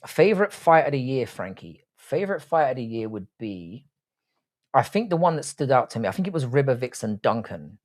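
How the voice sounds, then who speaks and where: A man hosts a casual livestream and jokes his way through viewers' comments. His voice sits at a middling pitch, and his banter is crude and laddish, full of swearing and teasing. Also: sing-song, brisk, a little mellow. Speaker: livestream host reading chat. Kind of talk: casual live chat.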